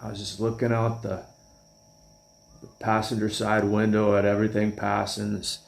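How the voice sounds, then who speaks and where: A man's voice: lowish voice, completely flat delivery, moderate pace, vocal fry. A man casually telling a personal story, rambling and chuckling as he goes. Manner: rambling, chuckling, restarts often.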